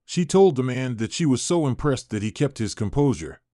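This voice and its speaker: A man narrating a scripted viral story in an even, measured way. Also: medium pitch, dry recording, clean studio sound.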